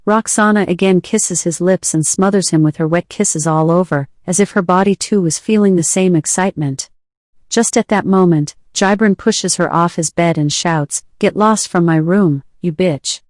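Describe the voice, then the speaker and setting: Woman, short story reading, lowish voice, dry close sound. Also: moderate pace, a little mellow, dry recording. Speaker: reader.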